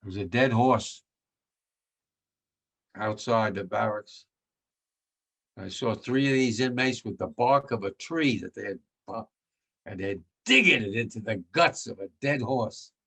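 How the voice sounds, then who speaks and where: A man in his nineties from the United States, a World War II veteran giving blunt, vivid personal testimony, his voice sinking low and quiet when moved. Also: a little slow, pauses often, husky. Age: 90s.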